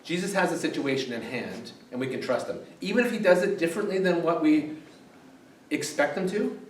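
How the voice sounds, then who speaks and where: A man's voice: fairly high pitch, animated, brisk, slight background noise. A male pastor preaching a sermon in a church, chatty and full of questions to the congregation. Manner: conversational, asks the congregation questions. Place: church sanctuary. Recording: echoey church hall, mic far off.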